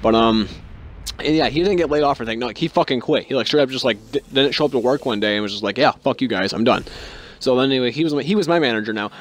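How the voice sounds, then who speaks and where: A young man telling work stories in a casual vlog, rambling and sarcastic, swearing constantly and acting out other people with sudden jumps in pitch. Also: racing. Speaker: vlogger.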